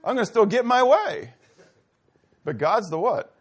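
With lively intonation and an unhurried pace, a male pastor delivers a conversational sermon. He regularly questions the congregation and acts out little dialogues, and his voice occasionally falls low and soft.

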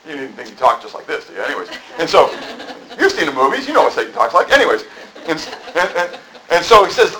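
A man's voice: fairly high pitch, big pitch swings, fast, bright, forceful tone, rough recording. A middle-aged man preaching a sermon in a conversational, rambling way, full of asides. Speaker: pastor. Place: church.

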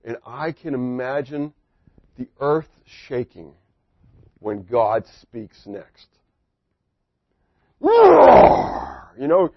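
A man preaching a sermon, animated, asking the congregation questions and acting out quotes. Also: medium pitch, no echo. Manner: animated, asks the audience questions, acts out quotes. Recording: dry, dull lo-fi recording.

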